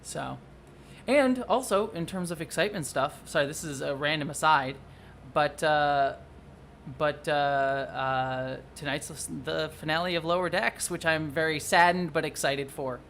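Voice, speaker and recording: A livestreamer and video producer chatting casually at home, rambling, excitable and often apologetic. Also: medium pitch, normal speed, creaky, a little hiss or hum. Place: at home under a blanket.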